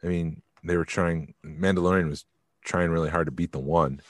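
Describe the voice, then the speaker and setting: Low-voiced and fairly even in intonation, this podcast co-host speaks at a moderate pace in a casual, rambling way, frequently leaving thoughts unfinished. The recording is dry and clean, studio sound.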